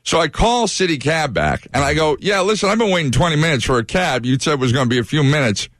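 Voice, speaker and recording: A morning radio host, a man with a slightly high voice, tells a story in an animated way and voices each person in it. His voice is close and dry, with no room sound at all. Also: fast, no room sound. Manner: animated storyteller who acts out quoted voices.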